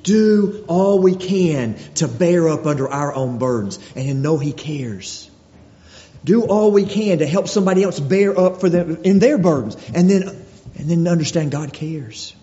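A man preaching a sermon in an earnest way, circling back over his words and restarting sentences. His voice is dark and mellow. The recording is dull and lo-fi, with a long reverb from a church hall. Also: fairly high pitch, lively intonation, unhurried. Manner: earnest, repeats phrases, stumbles and restarts.

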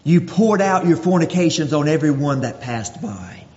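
A man's voice: fairly high pitch, animated, moderate pace, a little mellow, a little hiss or hum. A man preaching a sermon, reading scripture verse by verse and voicing God's words with mounting intensity. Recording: dull recording with long hall reverb.

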